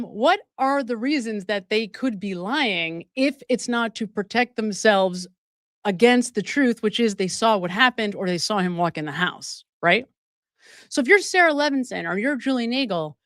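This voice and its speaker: A livestream host covers true crime, speaking directly to viewers with emphatic asides and laughing often mid-sentence in an animated way. Her voice is fairly high, and the recording is dry and studio-clean.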